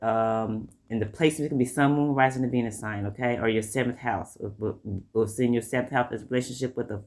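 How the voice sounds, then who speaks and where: A man with a Southern US accent giving a casual tarot reading. He rambles, keeps repeating himself, and slows right down to draw out the messages he reads from the cards. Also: mid-range voice. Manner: rambling, repeats "like I said" and "you know". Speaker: tarot reader.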